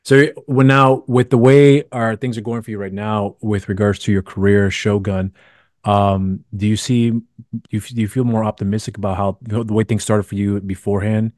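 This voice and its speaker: A man's voice: fairly low pitch, fairly even intonation, moderate pace, darkish tone, no room sound, studio quality. A man hosting a casual podcast interview, asking long rambling questions full of restarts. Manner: rambling, many restarts and fillers. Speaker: podcast host.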